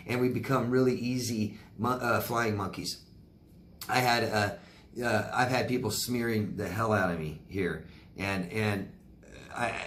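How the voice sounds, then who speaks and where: Man in a roomy-sounding coaching talk. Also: mid-range voice. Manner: rambling, repeats words, many fillers. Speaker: life coach. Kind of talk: casual Q&A monologue.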